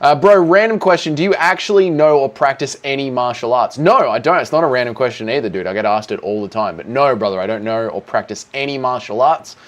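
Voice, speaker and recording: A man's voice: medium pitch, fairly quick, hardly any pauses. An Australian man hosting a livestream Q&A, reading chat in a crude, casual way with lots of swearing. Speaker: streamer host.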